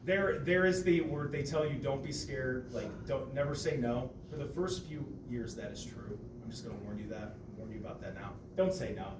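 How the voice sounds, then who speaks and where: A man from Ohio chatting casually, telling stories with lively acted-out quotes and casual swearing. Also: mid-range voice, moderate pace, hardly any pauses. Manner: animated storyteller, acts out quotes loudly, swears casually. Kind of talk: casual podcast chat. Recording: echoey room, mic at a distance, background noise.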